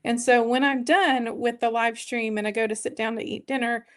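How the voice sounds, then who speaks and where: A woman's voice: fairly high pitch, fairly even intonation, normal speed, a bit bright. A woman hosting a weight-loss live stream from home, chatting casually and rambling as she greets and thanks viewers.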